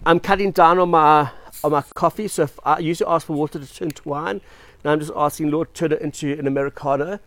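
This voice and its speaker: A man's voice: fairly high pitch, fairly even intonation, fast talker, fairly bright tone, dry recording. A man from South Africa preaching a sermon as pastor, telling stories in a chatty, self-deprecating way.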